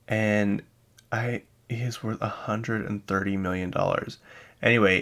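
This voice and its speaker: A Utah-based podcast host with a very low, gravelly yet slightly bright voice chats casually about pop music news. He rambles, drifts into asides and corrects himself as he goes.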